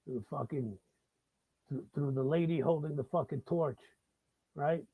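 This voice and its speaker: A middle-aged man with a New York accent hosts a live monologue. He swears freely and restarts his sentences in heated bursts. His voice is husky, and the sound is thin and phone-like. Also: fairly high pitch, unhurried, no echo. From the Bronx, New York. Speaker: host. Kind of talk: live talk-show monologue.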